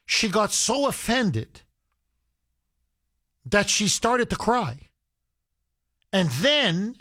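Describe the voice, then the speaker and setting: Male radio host with a high-set voice; combative, emphatic monologue with lots of restarts, taken dry off a studio mic. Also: fairly bright tone, no room sound. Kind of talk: opinionated talk radio monologue. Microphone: studio microphone.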